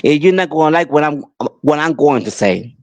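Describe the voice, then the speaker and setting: A man's voice: on the high side, lively intonation, brisk, a little mellow, no room sound. A man hosting a podcast, delivering an angry, emphatic monologue that pleads with listeners and repeats itself. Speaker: podcast host. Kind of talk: impassioned monologue.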